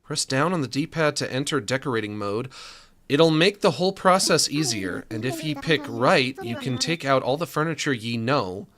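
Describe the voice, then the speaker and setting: A man voicing a bubbly female pirate creature who talks in a high, chirpy pirate lilt full of "ye" and "arr". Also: expressive, moderate pace, crowd noise, close to an everyday voice. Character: bubbly pirate woman creature, the captain's wife.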